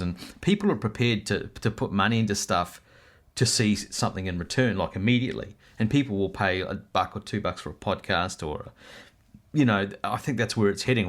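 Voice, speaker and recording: Male interview host, lowish voice, easygoing, rambling questions. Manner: relaxed, rambling, stumbles and repeats words. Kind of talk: casual interview chat.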